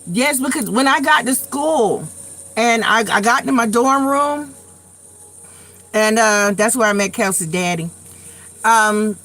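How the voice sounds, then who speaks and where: A woman's voice: a little high, fairly bright tone. A middle-aged woman from New York, hosting a live tarot stream in loose casual chat, telling stories bluntly with some swearing and repeating herself. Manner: chatty storyteller, blunt and profane, repeats herself.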